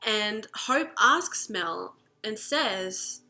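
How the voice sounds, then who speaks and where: A woman coach telling a story in an animated, chatty way, full of fillers. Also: mid-range voice, slow pace, hardly any pauses. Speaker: spiritual coach. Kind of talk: storytelling lesson.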